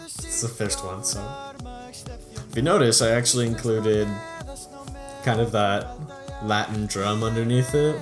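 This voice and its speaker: Young man, casual vlog commentary, slightly low voice, chatty, laughs often, faint music behind. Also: measured pace, long pauses. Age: young adult. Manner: chatty, upbeat, laughs often, trails off into mumbles. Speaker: YouTube creator reviewing his own videos.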